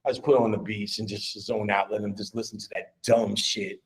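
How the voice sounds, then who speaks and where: A man delivers a casual live lecture full of profanity, blunt and swaggering, laughing and shouting as he gets worked up. His voice sits fairly low, his tone stays level, and he talks briskly.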